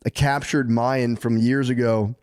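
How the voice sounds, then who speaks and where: A man co-hosts a comedy podcast and retells history as a loose, rambling story. He talks in heavy slang at an ordinary middle pitch and drops lower whenever he acts out a quote. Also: little pitch movement, unhurried, a little mellow, dry recording, clean studio sound. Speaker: podcast co-host.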